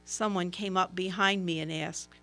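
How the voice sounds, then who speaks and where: A woman's voice: fairly low pitch, steady tone, moderate pace, sharp tone. A woman voicing Mary, a grieving follower of Jesus, in an earnest and emotional first-person dramatic monologue. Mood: sorrowful. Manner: earnest, emotional, swelling at moments of wonder.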